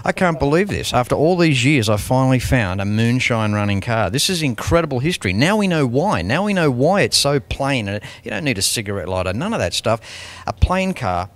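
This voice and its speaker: A man's voice: medium pitch, very animated, fairly quick. A man hosting a TV car show, enthusiastic and exclaiming as he interviews a guest outdoors at a car show. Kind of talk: TV interview and sign-off.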